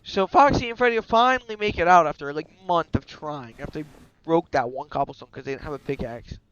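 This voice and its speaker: A man's voice: fairly high pitch, fairly quick, fairly bright tone, smooth, muffled recording. A man casually narrating a game story, rambling and offhand. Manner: rambling and offhand, slipping into character voices. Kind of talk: casual storytelling over gameplay.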